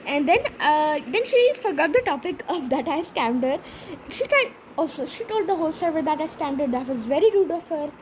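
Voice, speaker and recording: Young girl telling a game story, high voice, lots of ums and likes, faint hum behind. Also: expressive, normal speed, rough recording. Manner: chatty, rambling storytelling with many fillers. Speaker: gaming channel host. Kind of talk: casual gameplay commentary.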